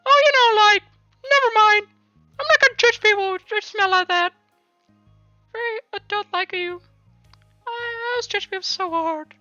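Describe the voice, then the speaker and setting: Man putting on a tiny squeaky teen girl, snarky, judgy, brash, dry dull sound. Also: moderate pace, pauses often, sharp tone, dry recording, soft background music, full character voice. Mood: teasing. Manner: very high squeaky voice, brash and teasing.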